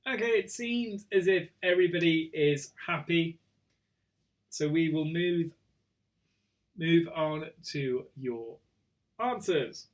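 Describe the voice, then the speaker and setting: A man's voice: fairly high pitch, slow, long pauses. A man hosting an online quiz night casually, reading out questions and answers and joking about tripping over his words. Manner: chatty, self-mocking, trips over words. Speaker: quiz host.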